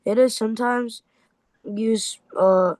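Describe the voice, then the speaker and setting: A young man reads a passage aloud in class and stumbles over the long words. His pace is very slow and full of pauses. The sound is dry and close, with no room echo. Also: high voice, steady tone, darkish tone. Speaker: student reading aloud. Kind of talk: halting reading aloud.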